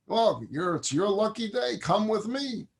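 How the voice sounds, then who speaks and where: A man voicing a shrewd, hungry merchant making a slick sales pitch. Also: lively intonation, measured pace, creaky, slightly rough, heavily acted. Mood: persuasive. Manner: slick, persuasive.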